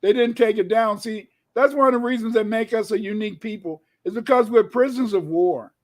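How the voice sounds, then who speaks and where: High-voiced man lecturing emphatically. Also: brisk. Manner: emphatic, rising to shouts, repeats phrases. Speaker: guest lecturer. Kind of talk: lecture-style talk reading old documents.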